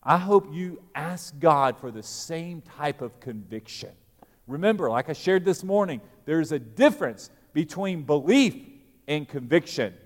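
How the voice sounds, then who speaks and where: A male pastor, preaching a sermon that swings from loud, emphatic peaks to quiet, low asides. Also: expressive, a little slow, in a large hall.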